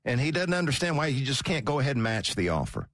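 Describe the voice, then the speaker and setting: Animated sports radio host. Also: male voice, medium pitch, quick pace, dry recording. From Georgia, US. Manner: animated, wry, chatty. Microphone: studio mic.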